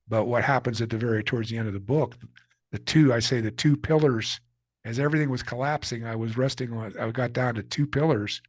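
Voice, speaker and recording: A husky, slightly breathy older man speaking as a guest in an interview. He tells his stories earnestly and openly, voicing the people in them. The sound is close and dry. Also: medium pitch, a little fast, no echo. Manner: earnest, candid storyteller who acts out quotes. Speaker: author and guest. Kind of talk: reflective storytelling interview.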